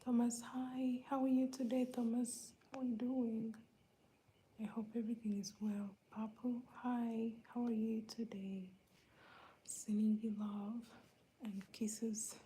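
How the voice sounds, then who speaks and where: A woman from Uganda hosting a live stream, greeting viewers one by one in a soft, laid-back, whispery way while feeling under the weather. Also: fairly high pitch, little pitch movement, measured pace, slight background noise, rough recording. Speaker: livestream host greeting viewers.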